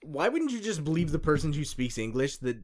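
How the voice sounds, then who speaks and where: Laid-back man with a lively voice. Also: fairly high pitch. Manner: laid-back, swears casually, chimes in with quick agreement. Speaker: podcast co-host. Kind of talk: casual podcast chat.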